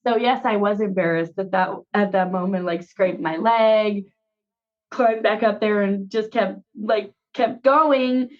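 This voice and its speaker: A woman of medium pitch talks on a podcast and jumps in to round out stories, laughing along. The recording is a bit muffled and lo-fi. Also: unhurried. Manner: chimes in, finishes stories, laughs often. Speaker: guest musician. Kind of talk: casual podcast chat.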